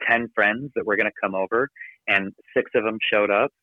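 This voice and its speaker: Energetic man on a tinny line. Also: on the low side, no echo. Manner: energetic, emphatic, rapid coaching delivery. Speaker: podcast guest. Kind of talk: motivational podcast talk. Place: office. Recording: dry, phone-like narrow sound.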